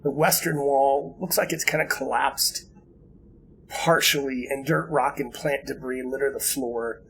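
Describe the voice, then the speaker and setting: A man narrating a tabletop game as game master, easygoing and halting, with many fillers and restarts. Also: mid-range voice, fairly even intonation, gravelly, a bit bright, a little hiss or hum, rough recording.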